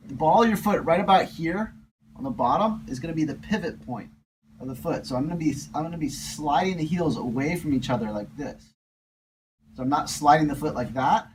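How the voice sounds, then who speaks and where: A man calmly talking through an exercise step by step as a fitness instructor, often repeating his words. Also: fairly high pitch, slight background noise, low-quality recording. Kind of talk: casual exercise demonstration.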